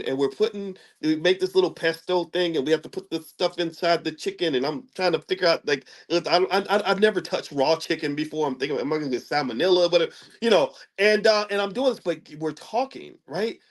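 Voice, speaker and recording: A middle-aged man hosting his own channel, telling a story in a casual monologue to camera. He stammers and repeats words, and he pokes fun at himself. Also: sits high. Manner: self-mocking and humorous. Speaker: commentator and channel host.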